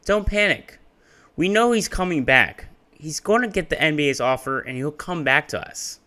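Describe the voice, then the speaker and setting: A man voicing a calm team executive who defends a deal in a measured, reassuring way. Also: medium pitch.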